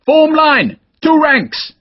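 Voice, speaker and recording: Guy shouting as an army lieutenant yelling orders at his men, high and loud, muffled dry audio. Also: lively intonation, normal speed, husky. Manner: shouted battle commands. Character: British army lieutenant commanding riflemen, barking orders. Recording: dull, dry lo-fi audiobook recording.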